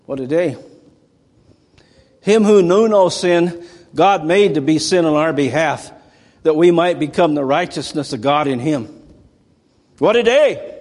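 A man's voice: fairly high pitch, measured pace, long pauses, darkish tone, in a large hall. A male preacher giving a sermon, telling stories conversationally and rising into dramatic outbursts. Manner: conversational storytelling with dramatic bursts.

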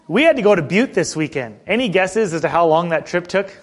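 A middle-aged man preaching a sermon in a conversational way, asking the congregation questions and often clearing his throat. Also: high voice, animated, normal speed. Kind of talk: sermon with personal story.

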